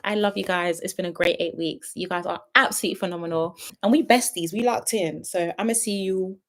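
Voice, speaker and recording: A woman's voice: lowish voice, steady tone, a little fast. Earnest, teary young woman hosting a live stream. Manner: earnest and heartfelt, repeating phrases. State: close to tears. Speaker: YouTube reality-show reviewer. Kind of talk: late-night live stream prayer and sign-off.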